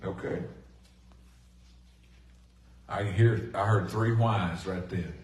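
Folksy preacher, echoey and distant. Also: male voice, deep voice, slow pace. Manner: folksy, animated preaching with swings from loud to hushed. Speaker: pastor. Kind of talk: sermon. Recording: echoey room from a distant mic.

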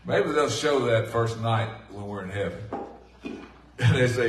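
A middle-aged man preaching a sermon in a folksy, animated way, swinging from loud bursts to hushed asides. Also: medium pitch, a little slow, pauses often, background noise. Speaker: pastor. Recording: echoey room from a distant mic.

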